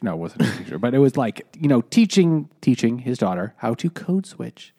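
Mellow-voiced man in rambling casual chat. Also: mid-range voice, expressive, normal speed, few pauses. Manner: rambling, frequent restarts and fillers, laughs easily. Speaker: podcast co-host discussing a book.

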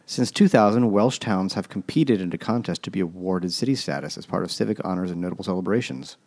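A man's voice: sits low, quick pace, vocal fry, darkish tone. A man co-hosting a podcast, chatting casually with dry, wry asides. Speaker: podcast co-host. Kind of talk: casual chat.

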